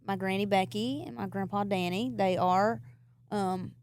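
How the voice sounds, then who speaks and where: A woman's voice: mid-range voice, fairly even intonation, moderate pace, a little mellow, a little hiss or hum. A young woman from rural Virginia with an Appalachian Southern accent, chatting candidly as a guest in an interview, rambling and breaking off mid-sentence. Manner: candid, rambling, self-interrupting, laughs easily. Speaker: guest songwriter. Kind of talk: casual interview chat.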